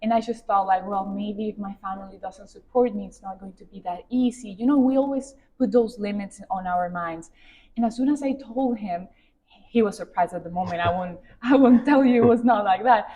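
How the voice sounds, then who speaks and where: A woman's voice: mid-range voice, fairly quick, mellow, dull audio, slight background noise. A woman in her twenties from Venezuela, a native Spanish speaker with a Venezuelan accent, answering interview questions in an earnest, upbeat way. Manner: earnest and upbeat, second-language phrasing. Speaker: pageant contestant.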